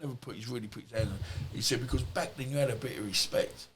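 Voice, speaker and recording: A man's voice: medium pitch, fast talker, slight background noise. A middle-aged man, a former boxer and podcast guest, telling casual stories in a rambling, anecdotal way full of asides. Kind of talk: casual storytelling.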